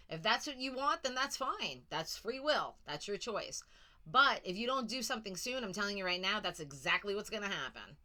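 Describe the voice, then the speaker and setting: A woman's voice: mid-range voice, bright, forceful tone. A woman giving a casual tarot reading to viewers, blunt and sassy, swearing now and then. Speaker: tarot reader. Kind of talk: casual psychic reading monologue.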